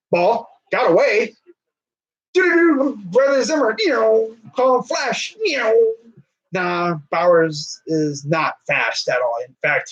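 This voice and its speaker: Joking young-sounding baseball fan streamer. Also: male voice, high-pitched, a bit bright, lo-fi sound. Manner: rambling, joking, slangy. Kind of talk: casual live game commentary.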